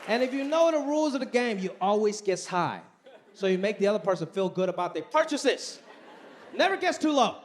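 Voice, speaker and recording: A man doing a stand-up comedy set, telling stories in an animated way and acting out voices. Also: high-pitched, brisk, slight background noise. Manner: animated storytelling with acted voices. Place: theater stage with live audience. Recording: roomy hall with crowd laughter. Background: audience laughing.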